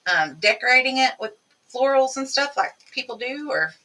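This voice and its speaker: A woman's voice: high-pitched, expressive, moderate pace, sharp tone, recorded from a distance, poor audio. A woman hosting a live crafting demonstration, chatting with viewers as she works. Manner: chatty, talks to viewers while working. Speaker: craft tutorial host.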